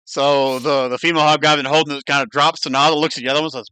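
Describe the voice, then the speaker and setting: Bright dry-voiced male game master. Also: a little high, fast, smooth, no room sound. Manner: relaxed, explaining rules. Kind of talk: running a tabletop game.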